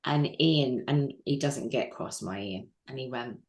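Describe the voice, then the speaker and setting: A woman's voice: rumbling low, a little slow. A woman, an interview guest telling her own story frankly and emotionally, with flashes of dry humour and tears at times. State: crying at times. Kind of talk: candid personal storytelling.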